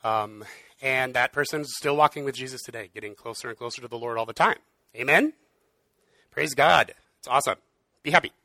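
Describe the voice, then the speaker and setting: A man's voice: medium pitch, brisk, sharp tone, no room sound. A man preaching in an earnest, conversational way, with frequent fillers. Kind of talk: casual sermon.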